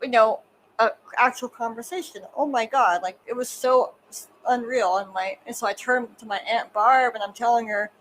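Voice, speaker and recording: Woman with a slightly high voice, an animated podcast storyteller who voices each quoted line. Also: normal speed, slight background noise, poor audio. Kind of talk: casual podcast chat.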